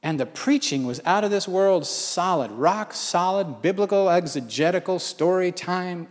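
Animated male preacher in a big hall. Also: high voice, normal speed. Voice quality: animated, conversational, self-mocking. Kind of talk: storytelling sermon. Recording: long hall reverb.

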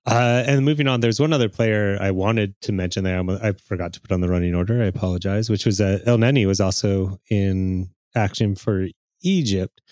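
Deep-voiced man chatting about football. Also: brisk, hardly any pauses, a little mellow, no room sound. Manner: chatty, hesitant with many fillers. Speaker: podcast co-host. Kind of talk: casual sports chat.

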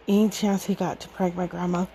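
A woman's voice: on the low side, level tone, brisk, mellow, slight background noise, low-quality recording. Woman in her thirties, fond rambling storyteller. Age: 30s. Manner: rambling, fond, laughs often, many fillers. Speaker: podcast storyteller. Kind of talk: casual personal storytelling.

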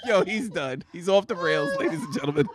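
A man's voice: fairly high pitch, fairly quick, very noisy. A man co-hosting a casual chat show, teasing his partner and laughing often. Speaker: podcast co-host.

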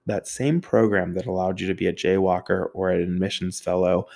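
A man's voice: low voice, fairly even intonation, a little fast, gravelly, a little mellow. A young man telling a casual, profane anecdote, acting out other people's voices and sound effects with a self-mocking manner. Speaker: storyteller.

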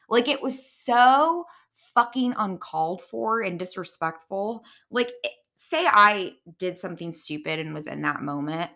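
A woman's voice: on the low side, sharp tone. A young woman hosting a podcast, recapping reality TV in a casual, opinionated way and acting out what people said. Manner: chatty, opinionated, acts out quotes. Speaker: podcast host.

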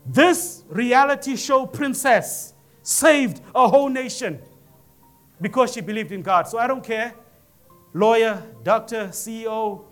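A male pastor preaching a sermon, telling a story with lively acted-out quotes and rising calls to the congregation. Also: very high-pitched, a little slow, soft background music. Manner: animated storytelling preacher, acts out voices in quotes. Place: church.

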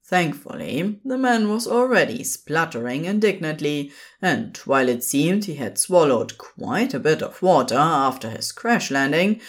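A woman with a lowish voice reads a story aloud, taking her time and letting her pitch rise and fall expressively. Her narration is unhurried and warm in pace, with a lively melodic shape. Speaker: podfic reader.

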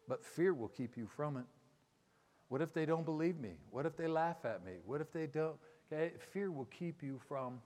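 A man preaching a sermon as pastor, retelling a story and acting out its characters' lines. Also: mid-range voice. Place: church auditorium. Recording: reverberant church auditorium.

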